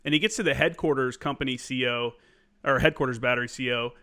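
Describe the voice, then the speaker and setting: A man's voice: medium pitch, quick pace, pushed and bright. A man hosting a podcast, a former Marine sergeant, chatting candidly and swearing casually. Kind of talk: casual chat.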